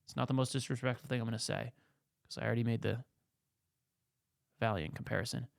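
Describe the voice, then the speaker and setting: Brief: excitable male host doing comedic commentary, gravelly voice. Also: mid-range voice, quick pace, no room sound, studio quality. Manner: excitable, jokey riffing.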